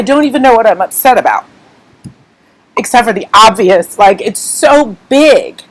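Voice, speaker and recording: A woman's voice: on the high side, lively intonation, measured pace, low-quality recording. Woman rambling emotionally on a live stream. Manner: candid, rambling, emotional, fighting back tears. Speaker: craft artist hosting a live stream. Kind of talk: unscripted live chat with viewers. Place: at home.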